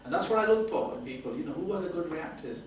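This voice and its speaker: Man, rambling award speech, booming echo, heard from far off, dull lo-fi sound with room noise. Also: expressive, fast. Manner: rambling, repeats words, many ums. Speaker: director presenting awards. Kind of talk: off-the-cuff award presentation. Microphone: camera mic from a distance. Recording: distant, boomy, dull camera audio with room noise.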